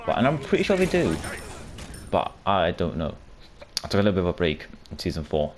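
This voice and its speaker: A man giving casual, rambling commentary over his own gameplay, swearing often and breaking into loud shouts and laughter. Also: low voice, wildly swooping pitch, fairly quick, background noise. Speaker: gaming video creator.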